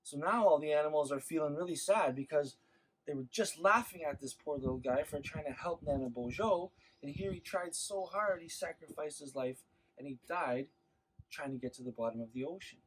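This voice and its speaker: A man telling a traditional legend to schoolchildren in an animated, expressive way. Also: fairly high pitch, a little hiss or hum, low-quality recording. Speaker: storyteller.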